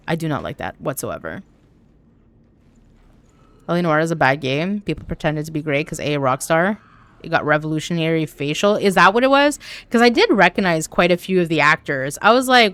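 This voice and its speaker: A young woman from Canada chatting casually on a live stream while gaming, talking to her chat with an animated, swearing manner. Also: fairly low pitch, moderate pace, dry recording. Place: home room.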